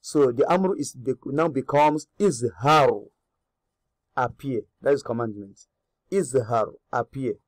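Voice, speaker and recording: A man teaching a grammar lesson. He repeats each word slowly, gives its English meaning and asks the learner questions. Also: mid-range voice, no room sound. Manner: repeats Arabic words slowly, then glosses them in English. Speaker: Arabic teacher.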